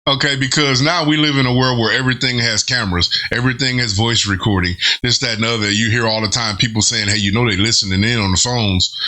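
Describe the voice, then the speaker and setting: A man's voice: mid-range voice, pushed and bright. A man hosting a reaction video, thinking aloud about lyrics in casual commentary, with restarts and chuckles. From not from Britain.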